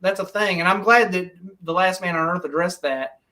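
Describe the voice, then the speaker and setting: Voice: medium pitch, normal speed, sharp tone, far from the mic. A podcast host ranting in casual chat, heated and full of profanity.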